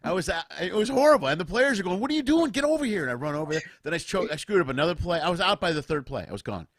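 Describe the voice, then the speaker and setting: A middle-aged man hosting a casual remote comedy chat, an animated storyteller who acts out other people's voices. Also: on the high side, very fast, dry recording. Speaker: podcast host. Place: home, remote video chat.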